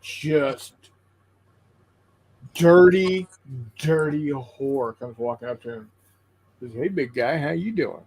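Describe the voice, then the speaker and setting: A man on a tabletop gaming stream telling a long joke in casual chat, halting and repeating his words as he goes. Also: a little high, darkish tone, rough recording. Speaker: co-host of a tabletop painting stream.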